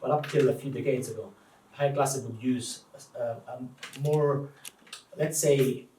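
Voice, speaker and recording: A man with an Italian accent, a native Italian speaker, talks as a guest translator in a live public conversation, thoughtful and animated with many restarts. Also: mid-range voice, unhurried. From Italy. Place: event room before an audience. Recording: echoey room, distant mic, faint noise.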